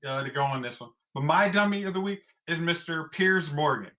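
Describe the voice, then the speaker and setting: A man's voice: on the high side, lively intonation, a little fast. A man co-hosting a movie podcast, chatting casually and mimicking people mid-rant. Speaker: podcast co-host. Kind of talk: casual chat. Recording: slightly muffled audio.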